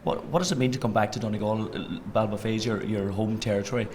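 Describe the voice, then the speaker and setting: Quick, low-voiced interviewer. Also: male voice, steady tone, darkish tone, a little hiss or hum. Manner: rambling, hesitant questions with fillers. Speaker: TV interviewer host. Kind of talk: casual interview chat.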